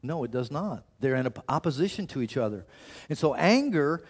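A man's voice: medium pitch, very animated, a little fast. A man preaching a sermon in a conversational way, often restarting his sentences and acting out quotes. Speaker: pastor.

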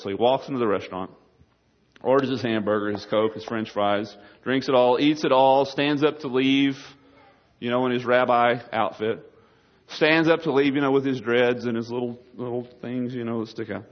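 Man, preacher, folksy, jokey sermon, middle pitch, dull lo-fi recording. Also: brisk. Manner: folksy, jokey, talks to the audience. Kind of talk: sermon with storytelling.

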